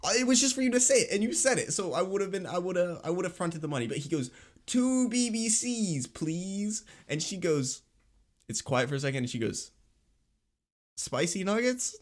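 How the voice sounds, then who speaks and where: A man's voice: high voice, quick pace. A young man co-hosting a podcast, telling stories in a casual chat, acting out voices and laughing often. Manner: animated storyteller, acts out voices, laughs often. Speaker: podcast co-host.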